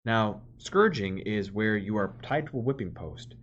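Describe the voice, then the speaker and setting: A low-pitched man reads scripture and explains it in an earnest, explanatory way, leaning hard on important words. The recording is dull and lo-fi. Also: lively intonation, a little slow, a bit bright. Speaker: priest leading a Bible study. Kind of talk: scripture reading with commentary.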